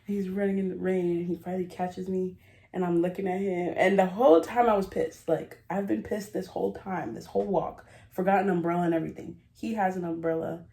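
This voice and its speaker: Woman, casual vlog chat, rambling, giggly, mellow low voice, echoey room. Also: fairly even intonation, brisk. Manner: rambling, giggly, self-interrupting storyteller. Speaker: vlogger. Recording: roomy echo.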